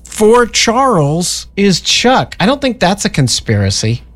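Male community radio host, animated, rambling on-air chat, very lively pitch. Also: a little slow. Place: radio studio.

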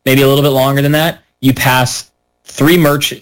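A man's voice: medium pitch, moderate pace, clean tone, low-quality recording. A man chatting casually on a podcast, telling a story and acting out the voices of the people in it. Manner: animated storyteller, acts out quoted voices.

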